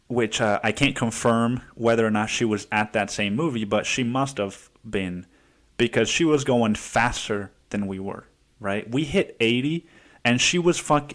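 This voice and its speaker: A man's voice: mid-range voice, fairly bright tone. A man hosting a podcast alone, telling a long story in a rambling, profane, casual way with lots of fillers. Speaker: podcast host. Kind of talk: casual solo podcast monologue.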